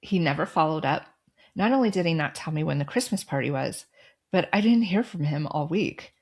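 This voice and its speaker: A middle-aged woman hosting a podcast, telling a personal story and giving advice in a calm, firm, direct way. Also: sits low, a little fast, breathy edge. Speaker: podcast host.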